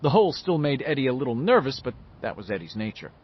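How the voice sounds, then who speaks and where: Male narrator, lively varied delivery, slightly dull lo-fi audiobook take. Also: mid-range voice, fast, slight background noise. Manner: lively, expressive reading. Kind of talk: scripted narration.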